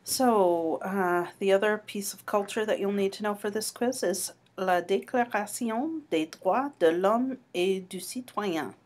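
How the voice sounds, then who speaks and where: Slow, patient woman teacher. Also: medium pitch, a little mellow. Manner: patient, explanatory, stresses French pronunciation. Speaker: French teacher. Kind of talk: online class review lecture.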